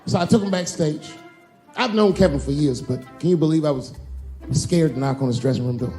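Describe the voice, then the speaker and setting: A man, a stand-up comedian, telling a profane, animated story. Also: fairly high pitch, fairly quick, soft background music.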